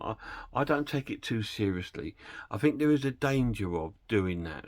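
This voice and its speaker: Low-voiced man rambling through a film review. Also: no room sound. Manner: rambling, hesitant retelling with many fillers. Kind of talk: casual spoken film review.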